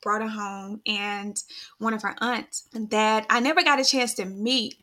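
Bright-voiced woman telling a story. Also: medium pitch, fairly even intonation, measured pace. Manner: storytelling, voice-quoting others, soft when grieving. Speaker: podcast host. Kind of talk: casual chat.

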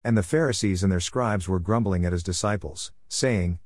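A man with a lowish voice reads scripture aloud. He moves steadily through short phrases at a measured pace. The recording is dry and close. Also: darkish tone, no echo. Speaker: scripture reader. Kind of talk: scripture reading.

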